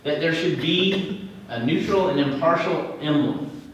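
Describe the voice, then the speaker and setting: A man's voice: a little high, unhurried, a little hiss or hum. A middle-aged man giving a banquet speech as a regional executive, telling stories with folksy joking asides. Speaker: regional Red Cross executive. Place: large banquet hall. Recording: echoey hall from far off.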